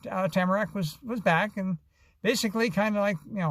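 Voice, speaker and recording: A man's voice: high voice, brisk, dry recording. A man from Arizona, telling a long, rambling story with many fillers and restarts in a casual vlog. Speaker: vlogger.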